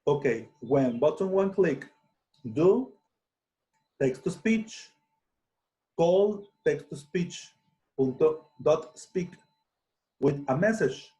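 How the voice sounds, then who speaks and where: Slow, hesitant man teaching. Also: fairly high pitch, animated, dark tone. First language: Spanish. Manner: slow, hesitant, many restarts and fillers. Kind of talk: software tutorial screencast.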